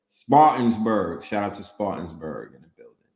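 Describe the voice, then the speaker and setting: A man's voice: fairly low pitch, lively intonation, normal speed, darkish tone. A man hosting a casual livestream, talking loosely in slang straight to his audience. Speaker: host. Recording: roomy echo.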